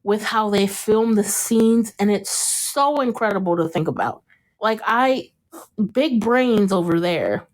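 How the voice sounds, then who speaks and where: A woman hosting a podcast, chatting casually about a TV show, animated and laughing often, with casual swearing. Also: mid-range voice, slow pace. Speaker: podcast host. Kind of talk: casual chat recapping a TV show.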